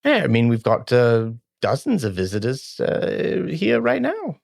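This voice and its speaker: A man voicing a friendly, eager male halfling innkeeper in a high, welcoming voice. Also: wildly swooping pitch, unhurried, vocal fry, a little mellow, no room sound, studio quality, heavily acted.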